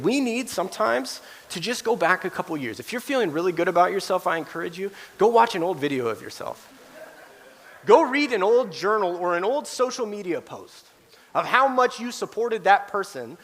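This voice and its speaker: A pastor preaches in a high, lively voice at a brisk pace, growing animated as he acts out quoted voices. A long reverb trail from a large church hall follows his words.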